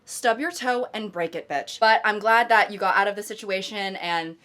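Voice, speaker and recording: A woman in her twenties giving casual, sarcastic, animated commentary on viewer stories she reads out as a video host. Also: medium pitch, moderate pace. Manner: sarcastic, animated, exaggerated reactions.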